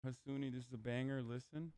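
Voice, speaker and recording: A man's voice: mid-range voice, steady tone, quick pace, very noisy. A man livestreaming casual reaction commentary, talking in a profane, ranting, argumentative way on a close microphone.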